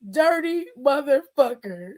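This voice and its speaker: High-voiced woman ranting with laughter. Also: lively intonation, takes it slowly, darkish tone. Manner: exasperated, laughing between lines, swearing. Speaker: show host. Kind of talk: casual reaction commentary.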